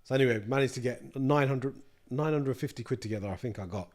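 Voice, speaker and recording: A man's voice: mid-range voice, fast. A man with a London accent, a podcast guest telling a long story in a casual, slangy way. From East London. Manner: chatty, slangy, lively storyteller. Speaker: guest, snack brand co-founder.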